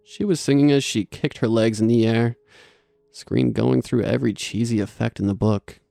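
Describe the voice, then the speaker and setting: A man narrating a horror story in a steady scripted delivery. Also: medium pitch, moderate pace, creaky, no room sound, soft background music.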